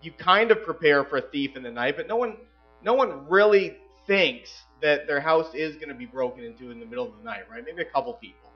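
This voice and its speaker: A man preaching a sermon as pastor, emphatic, swinging between loud passages and hushed asides. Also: on the high side, brisk, highs cut off, faint music behind.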